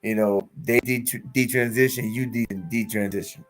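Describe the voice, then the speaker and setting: A man hosting a casual talk, telling stories with lively acted-out quotes and laughing at his own jokes. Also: medium pitch, moderate pace, soft background music. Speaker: podcast host. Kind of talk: casual conversational commentary.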